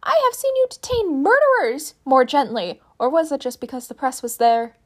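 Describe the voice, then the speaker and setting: A furious male teacher tears into a colleague, yelling and swearing in sharp bursts, as a woman reads him aloud. The voice sits a little high and pushes hard. It is a read-aloud fan story. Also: lively intonation, moderate pace.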